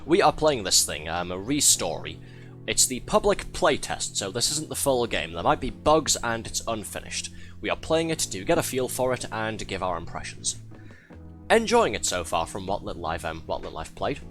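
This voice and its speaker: Male streamer, low voice, bouncy delivery, flustered and laughing between lines, faint music bed. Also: big pitch swings, moderate pace, fairly bright tone. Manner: flustered, chatty, laughs often. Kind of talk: live gameplay commentary, chatting with viewers.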